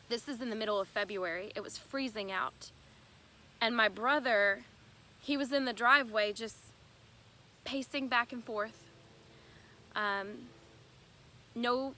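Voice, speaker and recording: A young woman giving a personal testimony in an earnest, halting, emotional way. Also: medium pitch, pushed and bright. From United States. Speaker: bereaved sister telling her story.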